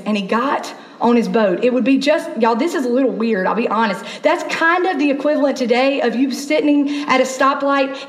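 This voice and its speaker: A woman pastor preaching a sermon in a chatty, animated storytelling way, acting out voices in her asides. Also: high voice, echoey room, poor audio.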